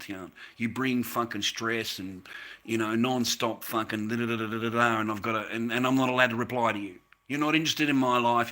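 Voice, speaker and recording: A man rants on a livestream as its host. His voice is very bright and sharp-edged, and his talk is blunt and full of swearing. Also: mid-range voice. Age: 50s. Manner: blunt, profane, ranting. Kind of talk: casual livestream rant.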